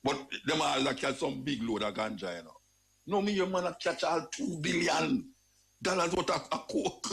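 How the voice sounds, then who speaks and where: Gravelly Jamaican man ranting. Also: fairly high pitch, moderate pace. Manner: animated, repetitive, emphatic ranting. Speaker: radio talk show host. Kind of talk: casual spoken commentary.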